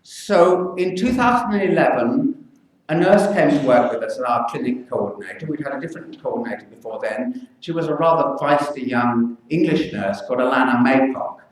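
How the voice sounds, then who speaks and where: A man's voice: medium pitch, animated. Older man, speaking in an echoey hall. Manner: earnest, measured speaking with pauses. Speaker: pediatric infectious disease physician. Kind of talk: speech at a public meeting. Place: public meeting hall. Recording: echoey hall, mic from far off.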